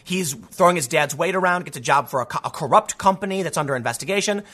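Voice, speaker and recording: A man's voice: on the high side, fast, bright, forceful tone. A man from the US Midwest giving a heated, sarcastic opinion monologue as a political commentator, reading news excerpts aloud and often restarting his words. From Chicago, US.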